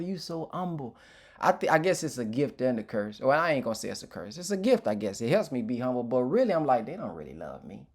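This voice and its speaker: A man giving an informal, emotional personal testimony as a motivational speaker, candid and reflective, often restarting his sentences. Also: a little high.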